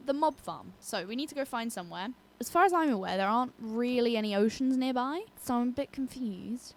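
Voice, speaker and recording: A young British woman chatting casually and rambling as she commentates her own gameplay, with giggles and cut-off swears. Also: medium pitch. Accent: British English. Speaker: gaming YouTuber. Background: her own song playing faintly.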